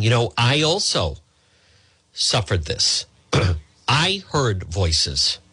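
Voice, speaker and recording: A man's voice: mid-range voice, sharp tone, breathy edge, dry recording. A man hosting a live talk show, speaking earnestly and often restarting his phrases. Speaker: host.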